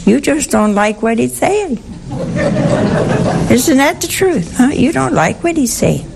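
A woman's voice: high voice, very animated, measured pace, creaky, noisy background. A woman giving an informal Bible teaching to a group, talking conversationally and often putting questions to her listeners.

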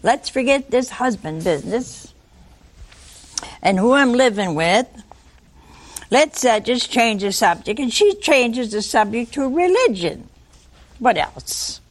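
Lively slow-talking older woman preaching. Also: a little high. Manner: lively storytelling, acts out voices, asks listeners questions. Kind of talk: sermon.

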